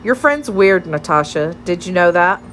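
A woman's voice: fairly low pitch, sing-song, normal speed, fairly bright tone, a little hiss or hum. A woman reading an audiobook, voicing a cocky, joking teenage boy with a breezy, teasing way of talking.

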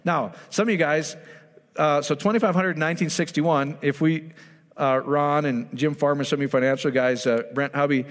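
A man preaching a sermon in a lively storytelling way, acting out the voices of the people he talks about. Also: on the high side, moderate pace. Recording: long hall reverb.

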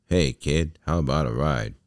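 A man voicing a sly male coachman who coaxes and smooth-talks a boy. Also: extremely low pitch, normal speed, no room sound, studio quality. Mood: coaxing.

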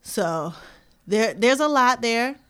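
A woman co-hosting a podcast, casually retelling a documentary in a rambling, animated way full of slang. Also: a little high, slow, clear, resonant tone. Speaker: podcast co-host. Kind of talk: casual chat.

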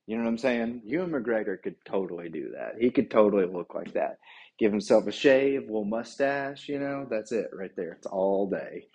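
A man's voice: on the low side, expressive, moderate pace, a little mellow, breathy edge. A man in his thirties chatting casually on his own, rambling and laid-back, swearing and tossing in "dude" and "man". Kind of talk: casual solo chat.

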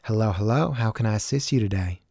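A man's voice: lowish voice, quick pace, gravelly, darkish tone, slightly rough, no echo, studio quality. A man voicing a young female cashier with a Southern US accent, overly cheery and then curt.

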